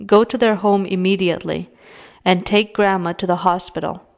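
A woman voicing a stern, deadpan middle-aged mother giving orders over the phone. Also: medium pitch, normal speed, creaky, lightly acted. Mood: commanding.

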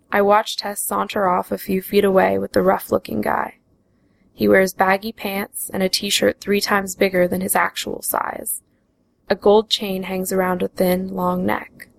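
A woman reads her first-person memoir aloud at an unhurried, even pace. Her voice carries a gravelly fry, and her pitch barely moves from line to line. It sounds like a steady, plain storytelling read. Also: low-quality recording.

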